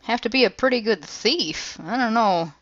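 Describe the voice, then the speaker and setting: A woman's voice: a little high, lively intonation, normal speed, dull audio. A woman playing a tabletop game, talking in a polite, hesitant way. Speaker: player. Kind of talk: tabletop role-play.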